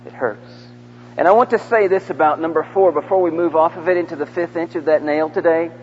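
A male preacher with a fairly high voice talks fast, leading a big church congregation through call-and-response in an interactive sermon and coaxing them along section by section. The mic picks up a dull, echoey hall sound with a slight hiss or hum.

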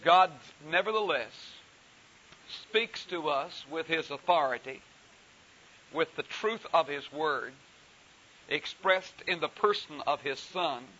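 A man preaching a sermon, telling a story slowly and deliberately with frequent pauses. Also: on the high side, animated, pushed and bright. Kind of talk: sermon with anecdote. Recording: dull hissy recording.

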